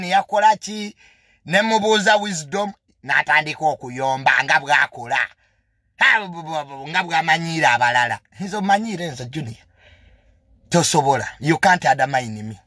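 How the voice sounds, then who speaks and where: A man's voice: fairly high pitch, moderate pace, sharp tone, no room sound, clean studio sound. A young man with a Ugandan accent delivering a heated, confrontational monologue full of emphatic repetitions. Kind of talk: heated monologue mixing English and Luganda.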